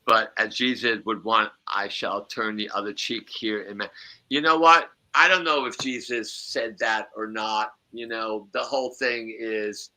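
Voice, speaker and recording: A man's voice: on the low side, measured pace, bright, forceful tone. A man hosting a podcast as a psychic medium, chatting casually in a rambling way with chuckling asides.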